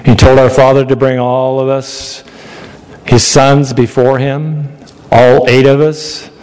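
A preacher voicing a young shepherd, bold and faithful, in an earnest plain voice. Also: male voice, mid-range voice, flat delivery, slow, darkish tone, in a large hall, lightly acted, rough recording.

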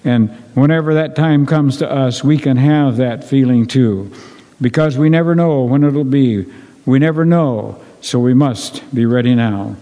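Mellow preacher in a reverberant church. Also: male voice, medium pitch, unhurried. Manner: earnest, repetitive preaching cadence with frequent throat-clearing. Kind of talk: sermon. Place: church sanctuary. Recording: long reverb of a church hall.

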